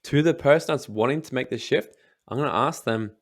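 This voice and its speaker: A young man talks as an interview guest, driving home motivational points with emphasis and the odd curse. His voice sits at an ordinary middle pitch. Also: brisk. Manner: emphatic, swears casually, acts out quoted voices.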